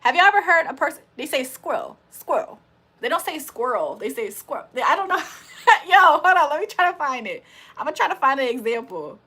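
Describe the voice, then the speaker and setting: A woman's voice: high voice, sing-song, fast talker, bright, forceful tone. A young woman hosting a live stream in casual chat, laughing often and talking to her viewers as y'all. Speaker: livestream host.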